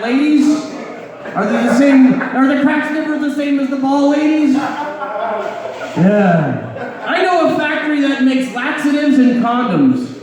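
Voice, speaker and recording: A man performing a live stand-up set of crude one-liners, delivered deadpan with a dry "you're welcome" tag. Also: very high-pitched. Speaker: stand-up comedian. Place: comedy club stage before a laughing audience. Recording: echoey room, distant mic, crowd laughter.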